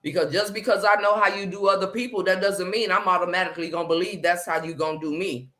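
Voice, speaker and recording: A woman hosting a casual live chat, animated and slangy, greeting viewers by name as she talks. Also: on the low side, fast. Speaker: livestream host.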